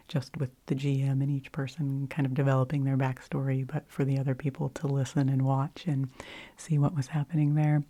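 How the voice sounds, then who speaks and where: A woman whispering softly into a close microphone in a rambling ASMR chat, unhurried and full of little fillers. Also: low-pitched. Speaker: ASMR host.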